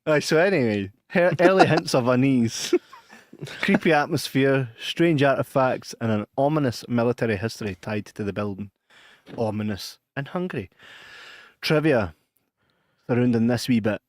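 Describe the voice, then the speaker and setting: A man's voice: mid-range voice, lively intonation, normal speed, no echo. Scottish male podcast co-host, sweary laughing storyteller, dry close sound. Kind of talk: casual chat.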